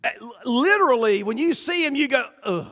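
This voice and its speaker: A man preaches to his congregation in a high, lively voice that swoops up and down. He slips into the voices of people in his stories as he goes. The sound carries a long reverb from a large hall. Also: a little fast. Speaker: pastor. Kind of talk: sermon.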